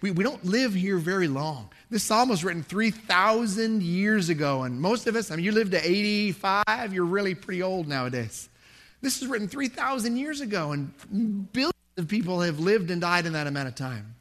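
High-voiced man preaching conversationally. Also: animated, normal speed, fairly bright tone. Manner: conversational, self-deprecating, rises in pitch for emphasis. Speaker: pastor. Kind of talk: sermon.

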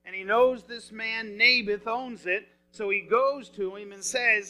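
Heard through poor audio, a high-pitched man delivers a sermon at an unhurried pace with hardly any pauses. His retelling of scripture is casual and expressive, and he keeps quizzing the listeners.

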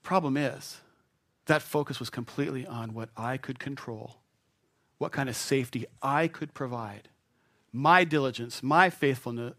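A middle-aged pastor shares a story about himself during a sermon, laughing at his own expense and staying lively throughout. He speaks at a moderate pace in a middle-pitched voice.

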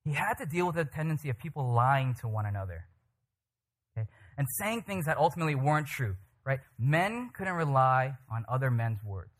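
A man preaching a sermon, telling stories in an animated way and often checking in with the listeners. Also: medium pitch, a little fast. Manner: animated, checks in with "right?" and "okay?". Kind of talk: sermon with storytelling.

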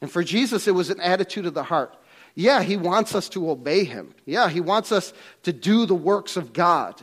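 Male pastor, higher register, emphatic sermon delivery. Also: animated, moderate pace. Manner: emphatic, rising on key points, with restarts.

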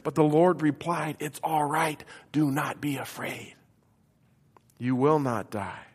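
A man preaching a sermon to his congregation, leading call-and-response and swinging between loud declarations and hushed lines. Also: on the high side, steady tone, takes it slowly, husky. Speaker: pastor. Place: church sanctuary. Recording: echoey church hall.

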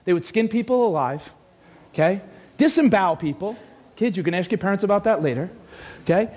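A man preaching a lively sermon who often shouts, drops suddenly to a hush, and throws questions at the congregation. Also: sits high, a little fast. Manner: animated preaching, often shouting, sudden swings from loud to hushed; speaks to the congregation with direct questions. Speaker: pastor.

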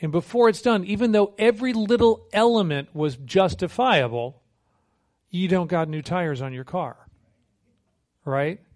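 A man's voice: sits high, a little slow. A man preaching as a missionary, telling stories in a conversational, humorous way and acting out quotes. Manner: conversational, humorous, animated storytelling with acted quotes. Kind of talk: sermon.

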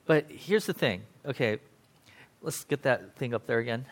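A man preaching a casual, conversational sermon, paraphrasing scripture in lively everyday speech with frequent "right?" asides. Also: medium pitch, normal speed. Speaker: pastor.

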